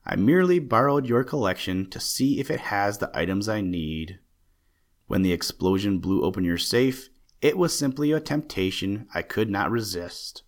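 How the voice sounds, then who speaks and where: A man voicing a fussy, excitable old male stamp collector with a chattering, genteel manner. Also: on the low side, moderate pace. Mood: indignant. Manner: chattering, genteel, easily indignant.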